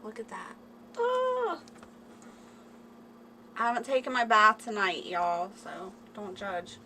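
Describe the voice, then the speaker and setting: A woman's voice: mid-range voice, normal speed, bright, forceful tone, slight background noise, poor audio. A woman chatting casually on a home livestream, laughing and reading viewer comments aloud. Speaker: livestream host. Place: home, indoors. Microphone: phone camera.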